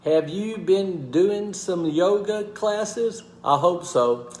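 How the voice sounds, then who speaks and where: A man hosting a motivational live talk, speaking haltingly with pauses and restarts and greeting viewers by name. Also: high-pitched, reverberant. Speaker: host.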